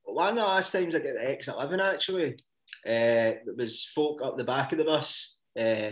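A Scottish man talking at an ordinary middle pitch, casual and loose, swearing freely as he rambles through a story. He laughs often and talks like he is chatting with a mate on a podcast. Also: normal speed. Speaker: podcast co-host.

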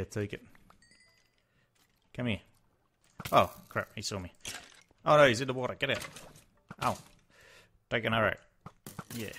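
An excitable young man talks through his gameplay in a loose, casual way. His voice sits a little low, and he swings between quiet muttering and sudden shouts of surprise. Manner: excitable, exclaims and mutters to himself while playing. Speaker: Let's Play host.

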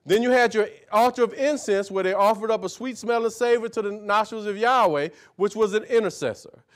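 A man whose voice sits high preaches fairly quickly to a small group, live. He teaches from scripture in a folksy manner, leading a reader through verses, echoing each phrase, asking "see?" and "right?", and repeating key words in rhythmic runs.

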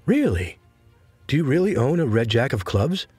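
A man voicing a calm, sly teenage boy trader with an easygoing, smooth-talking manner. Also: mid-range voice, moderate pace, dry recording, soft background music. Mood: easy, sly.

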